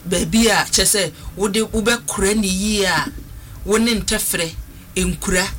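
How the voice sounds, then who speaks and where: A man hosts a radio talk show in a notably high voice, adding his points in a measured way. Clear background noise runs under his words. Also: pushed and bright.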